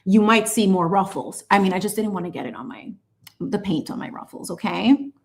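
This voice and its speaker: A woman in her late thirties hosts a live painting stream, speaking fairly quickly at a medium pitch. She chats casually and animatedly with viewers while painting, greeting people in the chat with squeals.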